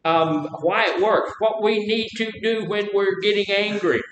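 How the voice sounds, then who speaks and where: A man's voice: unhurried, a bit bright. Southern man teaching a class, roomy echo. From Mississippi. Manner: folksy, drawling, quizzes the class. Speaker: class instructor. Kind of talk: live group class teaching. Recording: roomy echo, faint rumble.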